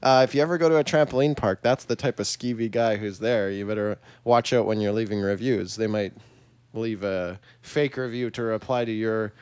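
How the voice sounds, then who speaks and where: A man's voice: fairly low pitch, moderate pace, darkish tone, clean tone, no room sound. A young man chatting casually with friends, rambling with lots of fillers and frequent laughs. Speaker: podcast host, runs a web agency. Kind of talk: casual chat among friends.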